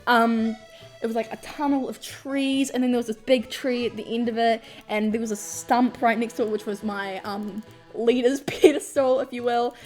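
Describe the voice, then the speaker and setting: A young woman tells a storytime vlog, animated, laughing often and swearing freely. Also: fairly high pitch, normal speed, faint music behind. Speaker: vlogger.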